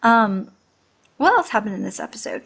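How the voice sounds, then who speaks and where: A woman co-hosting a drama review video, talking in a casual, animated and exasperated way. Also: medium pitch, moderate pace, gravelly. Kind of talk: casual chat.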